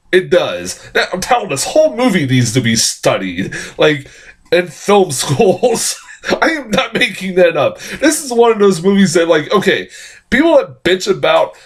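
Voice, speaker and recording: A man giving a casual, rambling film review, excitable and swearing often. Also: fairly high pitch.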